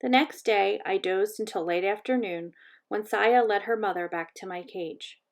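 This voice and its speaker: A woman reading a children's chapter book aloud in a gentle, measured storytelling voice. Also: medium pitch, vocal fry. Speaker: reader.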